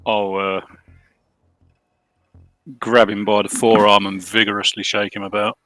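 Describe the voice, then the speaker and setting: A man's voice: on the low side, little pitch movement, measured pace, sharp tone, dry recording, soft background music. A man playing a tabletop game, blunt and matter-of-fact. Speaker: player.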